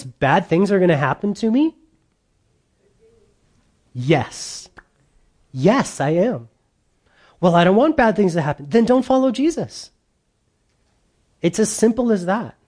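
A man's voice: on the high side, darkish tone. A male pastor preaching a conversational sermon, repeating key lines for emphasis.

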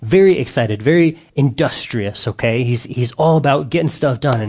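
A man giving an informal sermon to a group, telling a Bible story in a lively, slangy, casual way. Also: medium pitch, fast, hardly any pauses.

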